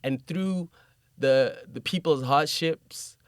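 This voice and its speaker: Male podcast host, emphatic and animated, mid-pitched, dry close mic. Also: takes it slowly, no echo. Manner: animated and emphatic, laughs often. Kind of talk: conversational podcast interview.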